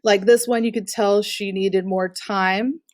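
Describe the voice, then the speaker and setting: A woman's voice: medium pitch, steady tone, unhurried, a little mellow. A woman art teacher running a live online class, going through student work with encouraging but frank critique. Her voice sits in a middle register and comes through a computer mic with a dry, close sound and no room echo. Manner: encouraging, gives direct critique with fillers.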